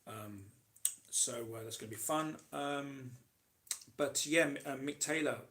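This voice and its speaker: A man from Britain hosts a relaxed live Q&A, answering viewers' comments off the cuff. His voice sits at an ordinary middle pitch. He meanders, restarts sentences and fills gaps with ums and "you know". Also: unhurried. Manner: rambling, chatty, with many ums and restarts. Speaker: host answering live chat questions. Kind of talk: casual live Q&A chat.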